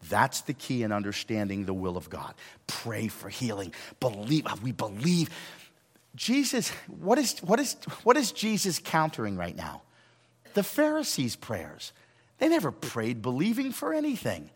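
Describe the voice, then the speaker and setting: A middle-aged pastor preaching a sermon, moving from hushed asides to shouted lines and acting out dialogue. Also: male voice, lowish voice, sing-song, measured pace, slightly rough, in a large hall.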